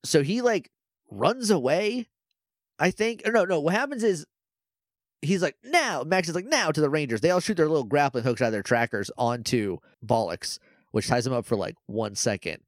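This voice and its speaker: Man recapping with lively pitch. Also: no echo, clean studio sound. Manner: animated retelling full of "like" and quick impressions. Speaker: podcast co-host. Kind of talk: casual episode recap chat.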